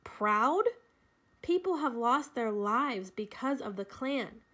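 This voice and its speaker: A woman's voice: a little high, lively intonation, slow pace, fairly bright tone, full character voice. A woman voicing a fierce, blunt young girl. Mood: furious. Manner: blunt, furious, scornful.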